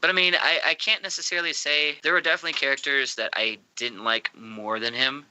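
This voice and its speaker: A man's voice: a little high, fairly even intonation, a little fast, slight background noise, low-quality recording. A man co-hosting an anime podcast, talking in an easygoing, agreeable way. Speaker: podcast co-host. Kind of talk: casual anime podcast chat.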